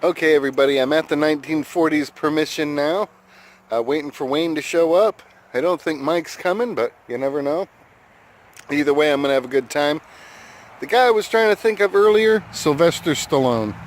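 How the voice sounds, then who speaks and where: A man with an American accent, chatting casually to the camera as a metal detecting vlogger, laid-back and quick to laugh. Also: fairly high pitch. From United States. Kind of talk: casual vlog talk to camera. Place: outdoors at a hunting site and by his truck.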